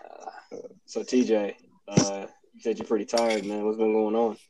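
A man's voice: lowish voice, level tone, measured pace, dark tone, slight background noise, rough recording. A young man, a college student, hosting a casual podcast chat, keeping his voice down and laughing often. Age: young adult. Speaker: podcast host. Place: cold room at home.

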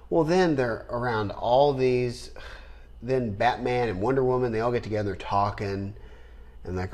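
A man co-hosting a podcast, chatting casually and rambling with animated bursts of laughter. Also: medium pitch, normal speed. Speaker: podcast co-host. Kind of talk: casual chat.

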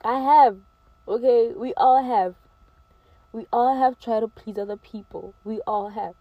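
A teenage girl with a slightly high voice delivers a casual advice monologue straight to camera, emphatic and preachy, slipping into mocking quoted voices. The recording is muffled with no room sound.

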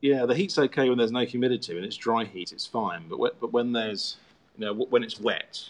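A man's voice: mid-range voice, a little fast. A man, an author, chatting casually and rambling with self-mocking jokes, many fillers and restarts. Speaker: author, guest. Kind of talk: casual chat.

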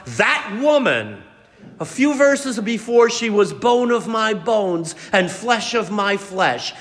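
A man's voice: a little high, expressive, normal speed, a bit bright, long reverb tail. A man doing a meek, plaintive first man. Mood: whining. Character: first man, meek then whining and blaming.

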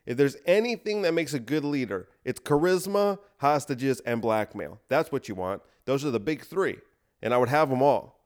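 A man hosting a podcast, delivering a deadpan comedic monologue of escalating absurd bits. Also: medium pitch, moderate pace. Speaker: podcast host.

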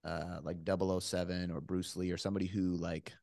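Deep gravelly podcast host. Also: male voice, little pitch movement, a little fast, darkish tone, no echo, clean studio sound. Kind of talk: casual podcast conversation.

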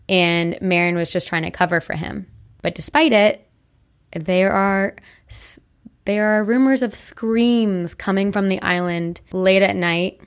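Young female podcast co-host, lower voice, casual rambling storyteller. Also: fairly even intonation, normal speed. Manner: chatty, many likes and restarts.

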